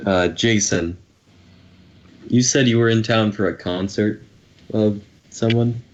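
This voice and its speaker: Man, player, low voice, polite questions, dull mic, faint hiss. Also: steady tone, slow pace. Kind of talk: in-character game talk.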